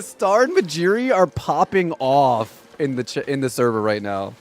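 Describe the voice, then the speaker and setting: A young man streaming a game, chatting casually in an excitable, dramatic and sarcastic way. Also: medium pitch, unhurried, few pauses. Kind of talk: casual gaming livestream chat.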